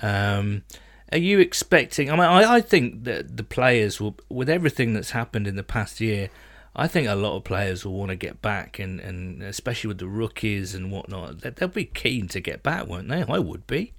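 Chatty podcast host. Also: male voice, fairly low pitch, moderate pace. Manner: relaxed, chatty, frequent fillers. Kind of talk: casual podcast chat.

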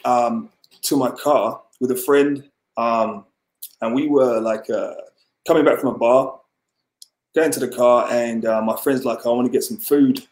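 A man's voice: mid-range voice, fairly even intonation, a little slow. A man casually telling a long personal story as a podcast guest, rambling, with lots of fillers and restarts. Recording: roomy echo.

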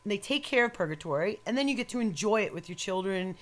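A woman's voice: medium pitch, animated, quick pace. A woman in casual chat as a co-host, rambling and opinionated, swearing freely and laughing often. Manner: laughs often while talking.

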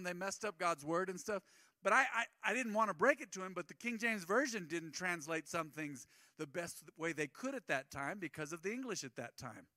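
A man's voice: sits high, bright, forceful tone, no room sound, studio quality. A man preaching a sermon as pastor, conversational and acting out the people he quotes.

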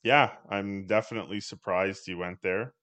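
A man's voice: lowish voice, fairly even intonation, normal speed, a bit bright. A man chatting casually on a podcast, thinking aloud with many hesitations. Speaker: podcast co-host.

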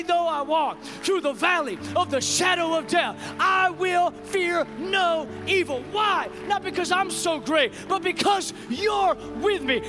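A man preaching a fervent sermon to a congregation in a church, building through repeated declarations. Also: very high-pitched. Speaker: pastor. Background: music.

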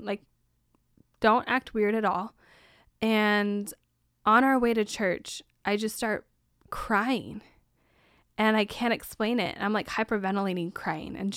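Casual and candid, a young podcast host recounts something personal and says "like" often. The studio sound is clean, with no room sound, and her mid-range voice has a clean tone.

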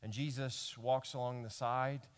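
A man preaching a sermon to his congregation as pastor, telling the stories in a lively way that swings from loud emphasis to hushed lines. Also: mid-range voice, unhurried. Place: church service before a congregation.

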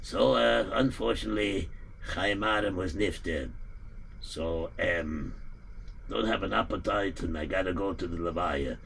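Man playing a gravelly, grim Yiddish-accented villager. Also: low-pitched, a bit bright, a little hiss or hum, full character voice. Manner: halting, repeats himself. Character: male villager bearing grim news, weary and gloomy.

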